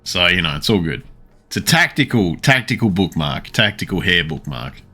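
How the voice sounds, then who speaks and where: A man's voice: deep voice, sing-song, normal speed, sharp tone, soft background music. A man streaming a game, rambling and joking crudely in casual commentary.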